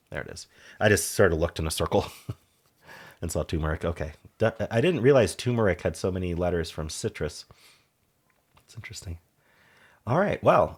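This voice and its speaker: A man's voice: deep voice, slightly rough. A man with a sore throat thinking aloud as he solves word puzzles, musing half to himself and trailing off. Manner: muses half to himself, trails off, sudden brighter asides. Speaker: puzzle game streamer. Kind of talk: casual thinking aloud while solving puzzles.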